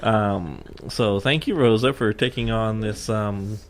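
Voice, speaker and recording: A man co-hosting a casual podcast, teasing his co-host with dry, deadpan jokes and plenty of pauses and fillers. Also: on the low side. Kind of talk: casual chat.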